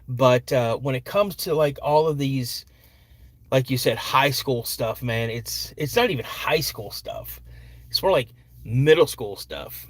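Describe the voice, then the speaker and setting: A man in his fifties hosting a casual morning livestream, chatting and reading viewer comments in a relaxed, rambling way with many fillers. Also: mid-range voice, unhurried, no room sound. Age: 50s. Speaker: podcast host.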